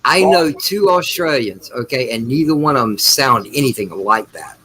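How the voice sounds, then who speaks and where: A man's voice: mid-range voice, animated, moderate pace, pushed and bright, husky, rough recording. A man co-hosting a casual movie review chat, joking and sarcastic, swearing freely. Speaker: podcast co-host.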